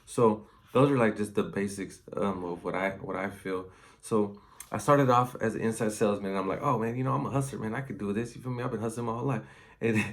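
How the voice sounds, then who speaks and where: A man's voice: fairly low pitch, gravelly. A salesman talking casually and loosely, full of fillers, as he gives advice on sales. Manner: conversational, loose, heavy on fillers. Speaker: inside salesman.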